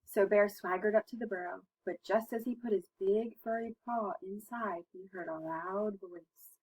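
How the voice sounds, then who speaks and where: A woman teacher reading a children's picture book aloud, gentle and expressive. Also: mid-range voice, normal speed, slightly rough, rough recording. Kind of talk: storybook read-aloud.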